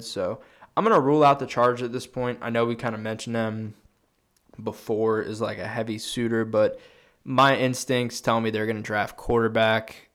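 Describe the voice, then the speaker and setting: A man's voice: on the low side, fairly bright tone. Profane, rambling young sports podcaster man. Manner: profane, rambling, thinks aloud. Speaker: podcast co-host. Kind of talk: casual sports chat.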